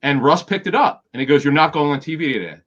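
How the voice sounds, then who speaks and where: A man's voice: a little high, lively intonation, quick pace, a bit bright, dull audio. A middle-aged man, a guest in an interview, telling anecdotes with quoted dialogue and frequent restarts. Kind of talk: storytelling in an interview.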